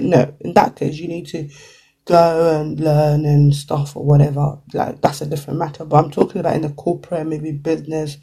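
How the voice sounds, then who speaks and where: In a casual chat to camera, a vlogger hands out career advice in a mid-range, gravelly, husky voice that is mellow and flat in delivery. The pace is fairly quick and chatty, heavy on "like" and "you know," with little quotes acted out here and there.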